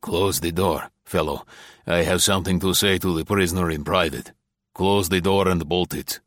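A man's voice: sits low, steady tone, moderate pace, a bit bright, no echo, clean studio sound. A man voicing a curt, commanding male rescuer in disguise, giving orders.

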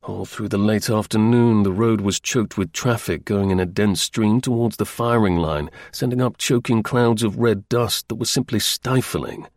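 Measured male audiobook narrator, dry sound. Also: on the low side, steady tone, dry recording. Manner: measured, wry first-person storytelling.

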